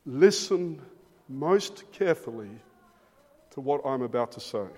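A man's voice: mid-range voice, lively intonation, measured pace, pauses often, darkish tone. A man preaching an expository sermon, emphatic and given to repeating words as he starts phrases. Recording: long reverb of a large hall.

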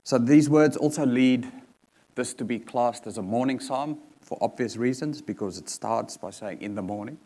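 A man's voice: mid-range voice, normal speed, mellow. A man preaching a sermon in an earnest manner, repeating key points for emphasis.

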